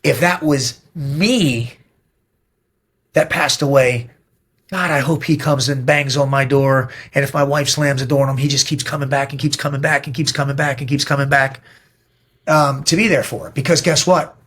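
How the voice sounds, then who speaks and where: A man's voice: mid-range voice, fairly even intonation, moderate pace, fairly bright tone, slightly rough. A middle-aged man being interviewed, talking in a blunt, emphatic and profane way as he tells stories. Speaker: podcast guest. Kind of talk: casual interview talk.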